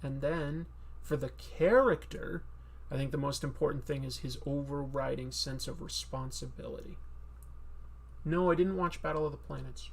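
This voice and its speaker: A man's voice: mid-range voice, moderate pace, gravelly. A man hosting a casual live-stream Q&A about comics, chatty and rambling with many fillers. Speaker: comic book video host.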